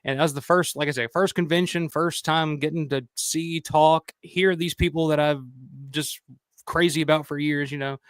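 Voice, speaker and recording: A man with a somewhat high voice tells stories in a loose, rambling flow, cursing freely and leaning on "you know." The sound is dry and close, with no room around it. He slips into the voices of the people he quotes. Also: fairly even intonation, moderate pace, fairly bright tone, no echo. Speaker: roundtable guest. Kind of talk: casual storytelling.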